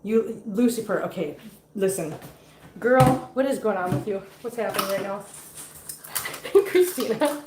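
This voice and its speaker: A woman's voice: medium pitch, animated, measured pace, pauses often, noisy background. Chatty woman cooking in an echoey kitchen. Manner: chatty, teasing, baby talk to cats. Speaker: cat vlogger cooking on a livestream. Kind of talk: casual live-stream chat while cooking. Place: home kitchen.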